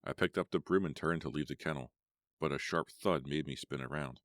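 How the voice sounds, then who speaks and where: A man narrating a first-person horror audiobook in a measured storytelling manner. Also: rumbling low, fairly bright tone, dry recording, clean studio sound.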